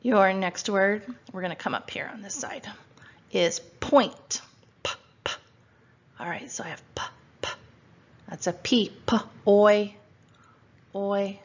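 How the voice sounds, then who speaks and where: At home, a woman with a lowish voice patiently teaches first graders a phonics spelling lesson, sounding out letters and asking questions. The recording is dull and lo-fi.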